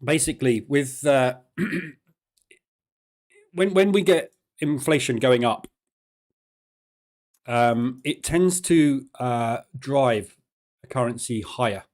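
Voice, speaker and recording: A man hosting a live trading session, greeting viewers and explaining market news in a casual, halting way with many fillers. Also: mid-range voice, expressive, darkish tone. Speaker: trading room host.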